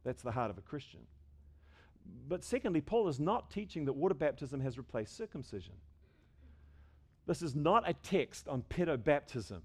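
A middle-aged man preaching a sermon, swinging between loud emphasis and hushed asides, with restarts and rhetorical questions. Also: on the high side, very animated, moderate pace, long pauses, husky. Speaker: pastor.

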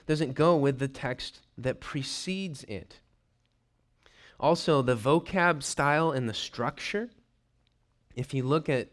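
A man preaching a teaching sermon, lively, putting on voices for quick asides and clearing his throat now and then. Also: a little high. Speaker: pastor.

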